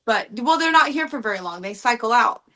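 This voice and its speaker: Southern woman cracking jokes and cussing, kinda high voice, loose podcast chat. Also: animated, brisk, bright, forceful tone. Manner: laughing, profane, joking. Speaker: co-host.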